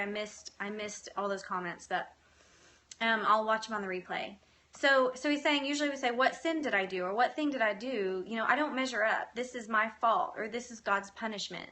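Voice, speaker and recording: A woman hosting a live video, speaking in an earnest, gentle and encouraging way as she reads viewer comments. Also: a little high, normal speed. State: tearful at times. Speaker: faith-based live video host. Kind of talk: live-stream talk, reading comments.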